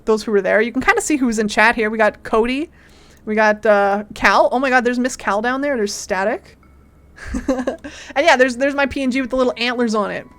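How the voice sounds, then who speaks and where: A young woman from Canada chatting casually on a livestream, giggly and excitable, swearing casually as she talks. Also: on the high side, a little fast. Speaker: streamer.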